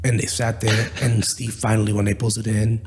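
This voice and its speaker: A man from Venezuela, a guest in a casual podcast chat, telling car stories in an animated way. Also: on the low side, fairly quick. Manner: animated storyteller who acts out quotes.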